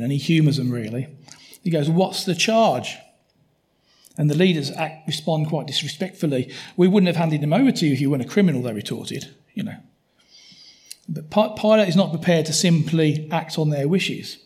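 Chatty preacher, fairly high voice. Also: male voice. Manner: conversational, frequent tag questions. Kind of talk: sermon.

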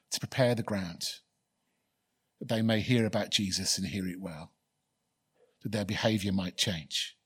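A man's voice: deep voice, breathy edge. A man preaching a sermon in an earnest, repetitive way, building to pleading questions and ending in prayer.

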